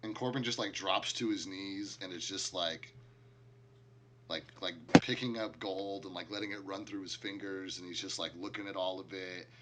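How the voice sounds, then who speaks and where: A man's voice: deep voice, steady tone, normal speed, background noise. A man narrating a tabletop game as game master, loose and chatty with lots of filler words. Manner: casual, heavy use of filler "like".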